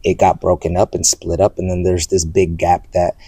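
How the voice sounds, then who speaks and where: A man in his forties talks about his work in a casual interview, his voice very low and dark with a gravelly edge. He tells stories in an animated, rambling way, full of restarts and fillers. The sound is dry and close. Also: moderate pace, dry recording. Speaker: playwright and performer.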